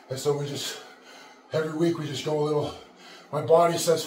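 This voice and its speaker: A fired-up man with a drawl and a fairly high voice, swearing through hard workout talk. He pants and pushes himself between sets. The home gym sounds echoey, with a faint hum behind him. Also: fairly even intonation, a little fast, a little mellow. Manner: profane, pumped-up self-talk, panting between sets. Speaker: fitness vlogger. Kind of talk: casual gym vlog.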